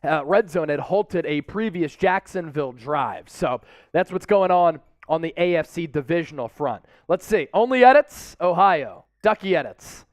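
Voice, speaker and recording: A young man hosting a live sports watch party stream from a studio, energetic and hyping up viewers with shout-outs. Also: a little high, moderate pace, no room sound. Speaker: sports show host.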